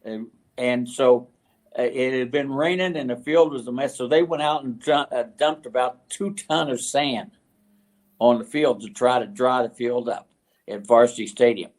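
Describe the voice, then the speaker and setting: An older man from West Virginia, a retired football coach, telling stories as a guest in an interview, halting and full of fillers and restarts. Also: medium pitch. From West Virginia, USA. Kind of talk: storytelling interview.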